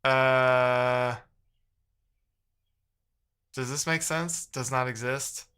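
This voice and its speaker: Guy streaming his coding session, fed up and grumbling, reads chat out loud, bright edgy tone. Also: mid-range voice, steady tone, extremely slow, clean tone. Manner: exasperated, muttering to himself. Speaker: live streamer. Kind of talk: live coding stream, reading chat aloud.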